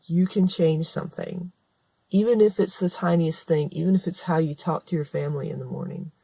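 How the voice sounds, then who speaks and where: She talks a little fast in a deep, creaky, husky voice with a dark tone, captured on a dry recording. The speaker, an author and vlogger, gives an earnest, conversational monologue straight to camera, restarting sentences and repeating herself to drive points home.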